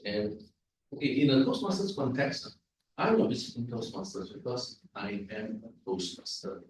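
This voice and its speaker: A man's voice: medium pitch, very animated, normal speed, slight background noise. A man gives a Toastmasters language evaluation, explaining idioms and checking in with the audience as he goes. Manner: explanatory, repetitive, asks the audience "right?". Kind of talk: club meeting evaluation speech. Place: large echoey meeting room. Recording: echoey room from far off.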